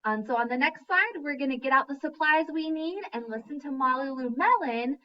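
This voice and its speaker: A woman teacher giving a lesson to young children, speaking slowly and clearly and chanting in a sing-song voice. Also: high voice, animated, far from the mic, highs cut off. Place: classroom.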